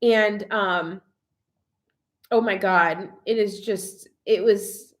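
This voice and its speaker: Drawing out her words, a young woman speaks at medium pitch with fairly even intonation. She's casually live-chatting on a vlog, reading viewer comments in an emotional way and using "like" a lot.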